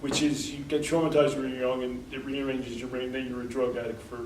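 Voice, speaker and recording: An American man leads a workshop with a casual, rambling lecture full of anecdotes and acted-out dialogue. His medium-pitched voice is level in tone and fairly quick, and the background is noisy, picked up by a distant mic that gives a roomy hall sound.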